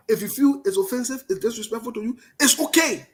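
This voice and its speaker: Forceful Liberian man arguing politics. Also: very high voice, brisk. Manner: forceful, emphatic, repetitive, passionate. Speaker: political commentator. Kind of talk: political commentary.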